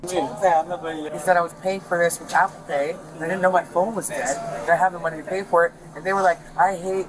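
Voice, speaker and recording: A woman talks fast in a rambling, incoherent stream while arguing in a store. The crowd-noisy body camera audio carries plenty of chatter behind her. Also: lowish voice, fairly even intonation. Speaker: suspect in a store dispute.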